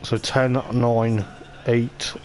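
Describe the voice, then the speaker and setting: Speaking very slowly with little pitch movement, a mid-range male voice gives rambling, conversational commentary on an online racing league race. Race car engines from the game are clearly audible in the background.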